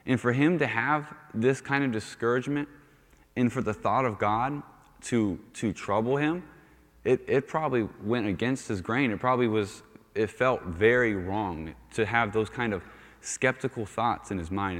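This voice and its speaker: A man's voice: mid-range voice, normal speed, a bit bright. A male youth pastor giving a conversational sermon, often restarting phrases and saying "you know". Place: church sanctuary. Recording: long reverb of a church hall.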